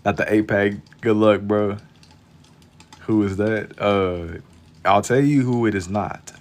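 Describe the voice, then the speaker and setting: A man's voice: fairly low pitch, steady tone, slow pace. A young man chatting casually with viewers while drawing on a live stream, laid-back and slangy, keeping his voice down for the late night.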